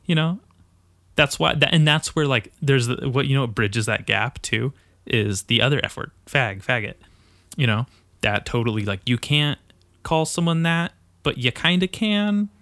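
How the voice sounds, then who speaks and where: A young man hosting a casual podcast chat, talking in a profane, rambling and excitable way. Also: medium pitch, moderate pace, no room sound.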